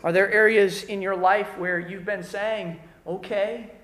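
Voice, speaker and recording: A man's voice: high voice, fairly even intonation, measured pace, fairly bright tone. A man preaching a sermon to a church congregation in a conversational style, acting out the people he quotes. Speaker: pastor. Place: church worship service. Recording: roomy church hall.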